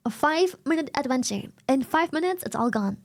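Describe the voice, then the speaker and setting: A woman's voice: high-pitched, expressive, fairly quick, vocal fry. A young woman streamer chatting casually, rambling, swearing and giggling often. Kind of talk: casual chat.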